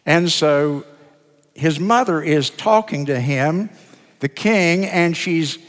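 An older man, a pastor of many years, preaching a sermon in an earnest, deliberate way, drawing out words for emphasis. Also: fairly high pitch. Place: church sanctuary. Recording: sermon in a reverberant church sanctuary.

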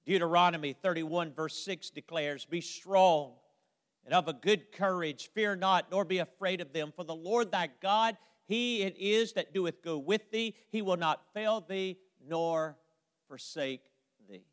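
Slow, high-voiced preaching man in reverb. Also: a bit bright. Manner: emphatic preaching with drawn-out phrase endings, quoting old scripture. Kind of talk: sermon. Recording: long hall reverb.

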